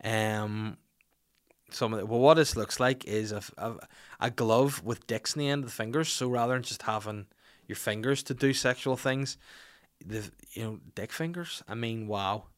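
A man's voice: mid-range voice, normal speed. Swearing, jokey man host. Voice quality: swears freely, blunt and jokey. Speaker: podcast host. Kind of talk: casual podcast chat, reading listener questions.

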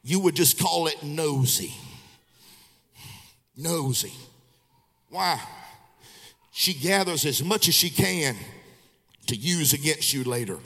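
High, bright evangelist man. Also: expressive, slow, gravelly, long pauses, long reverb tail. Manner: swings from quiet storytelling to shouted preaching. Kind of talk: revival sermon. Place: church sanctuary. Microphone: handheld microphone.

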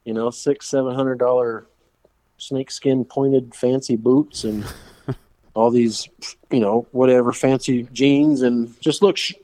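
A man's voice: mid-range voice, steady tone, measured pace, mellow, dry recording. A man, a fishing guide, telling casual stories as a podcast guest, rambling with fillers and laughing as he goes. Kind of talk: casual storytelling.

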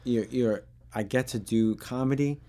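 A man's voice: medium pitch, measured pace, warm tone. A man speaking as a guest on a casual chat show, upbeat and easygoing. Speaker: guest comedian.

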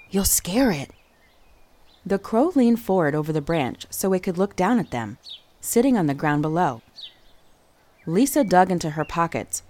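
Lively woman narrating a storybook. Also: fairly low pitch. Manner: expressive, voicing each character. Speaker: audiobook narrator.

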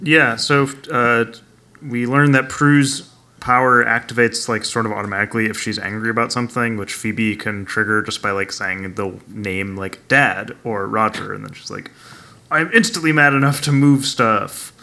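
A man with a bright, forward voice chats loosely about a TV episode. He rambles through the plot and laughs along with friends. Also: on the low side, flat delivery, moderate pace, gravelly. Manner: rambling, laughing, quoting characters in silly voices. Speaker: podcast co-host recapping a TV episode. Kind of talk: casual chat.

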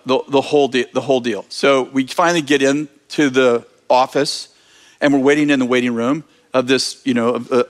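A man telling a lively story in a sermon, laughing as he talks. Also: medium pitch.

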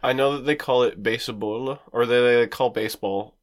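Man, mid-pitched voice, podcast co-host, joking banter, swears casually. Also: fairly even intonation, normal speed. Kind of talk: casual chat.

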